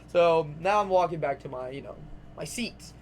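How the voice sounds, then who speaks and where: A young man telling a long casual story to his vlog audience, rambling and animated, full of "like"s and swearing. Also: on the high side, moderate pace, a little hiss or hum. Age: young adult. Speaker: vlogger.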